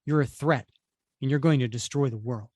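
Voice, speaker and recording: A man's voice: mid-range voice, moderate pace, darkish tone, no room sound, clean studio sound, natural voice. A man voicing a cold female villain delivering an accusing monologue. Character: cold anti-hero woman villain.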